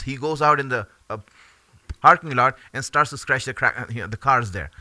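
Man, religious teacher, storytelling sermon, conversational fillers, sharp tense voice, dry sound. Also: fairly high pitch, fairly quick, no echo. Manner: animated, conversational, many fillers and laughs.

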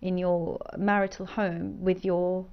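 A woman's voice: fairly low pitch, level tone, takes it slowly, clean tone. Earnest woman guest recounting her experience. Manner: earnest, reflective, with hesitations. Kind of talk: personal discussion. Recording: slightly dull lo-fi sound.

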